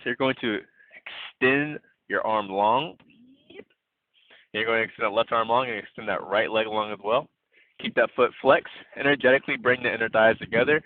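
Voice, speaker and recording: A man leading an online yoga class, gently cueing breaths and poses in a playful way. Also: mid-range voice, no echo. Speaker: yoga instructor. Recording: tinny phone-like audio, dry.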